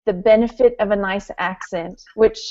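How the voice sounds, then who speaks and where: A woman's voice: medium pitch, fairly even intonation, moderate pace, darkish tone. An American woman who is a guest on a casual chat, easygoing and laughing often. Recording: dull lo-fi audio.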